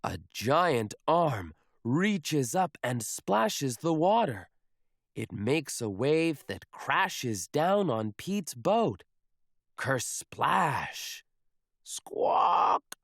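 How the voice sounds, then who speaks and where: A man reading a children's picture book aloud in a slow, expressive storybook manner. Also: on the high side, dry recording, studio quality.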